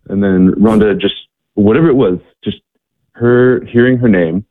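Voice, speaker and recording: A man telling earnest stories as an interview guest, halting with many restarts and fillers, over a phone-like line. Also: fairly low pitch, no echo. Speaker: guest, missionary organization worker. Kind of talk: interview storytelling. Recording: tinny phone-like line, dry.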